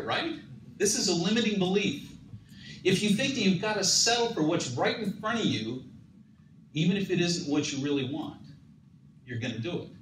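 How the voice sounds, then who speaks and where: A man, a dating coach, giving an emphatic motivational seminar talk and jumping up in pitch when he gets excited. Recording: echoey room, mic at a distance, noisy.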